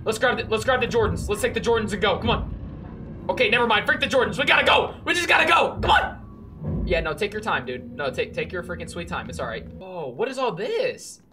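Excitable horror-game streamer. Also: medium pitch. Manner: excitable, talks to game characters, bursts into loud yells. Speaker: let's play gamer. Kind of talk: casual horror game commentary. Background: background music beat.

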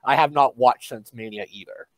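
A man's voice: mid-range voice, normal speed, fairly bright tone, no room sound. A man hosting a podcast, chatting casually in a laid-back way and asking his guest questions. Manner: laid-back, laughs along, asks questions. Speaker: podcast host. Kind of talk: casual chat.

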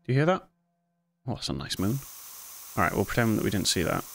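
A man's voice: lowish voice, sing-song, fast, vocal fry, a bit bright, a little hiss or hum, poor audio. A young man giving jumpy, self-mocking commentary while playing horror games, with sudden yelps. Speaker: gaming video host.

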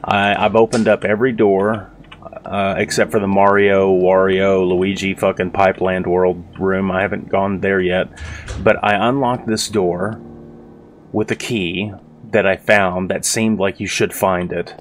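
A man giving casual, profane let's-play commentary with a rough-sounding voice, rambling and sarcastic. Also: deep voice, flat delivery, unhurried, slight background noise. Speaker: gaming video host.

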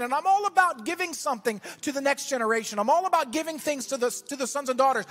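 A man preaching a sermon as pastor, telling a story and then building to shouted exhortation in a church. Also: very high voice, animated, fast talker, hardly any pauses, soft background music.

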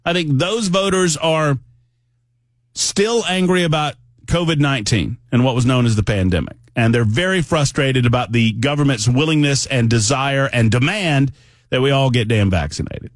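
A man's voice: mid-range voice, normal speed, no room sound, clean studio sound. A man hosting a political talk radio show, speaking in a conversational, emphatic monologue that often wanders off on tangents.

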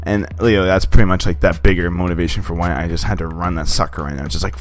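Excitable young man, low voice, rambling. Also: quick pace, faint music behind. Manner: excitable, rambling, swears and laughs often. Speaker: gameplay commentator. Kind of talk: casual gameplay commentary.

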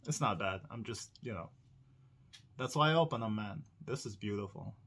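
Bright-voiced guy rambling to his viewers, laughs a lot, casual indoor unboxing. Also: on the low side, animated, moderate pace, breathy edge. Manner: rambling, chatty, laughs often, talks to viewers. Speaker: diecast collector channel host.

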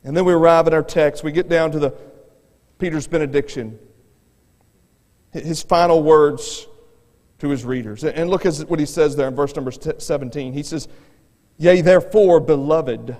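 A man's voice: on the high side, steady tone, moderate pace, pauses often, darkish tone. A man preaching a revival sermon as an evangelist, earnest and given to repeating words as he starts his phrases. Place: church sanctuary. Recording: long church reverb.

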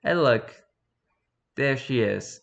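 A man reading out posts for his channel as a streamer, with animated, exasperated commentary. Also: mid-range voice, takes it slowly, vocal fry, lo-fi sound. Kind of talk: casual commentary.

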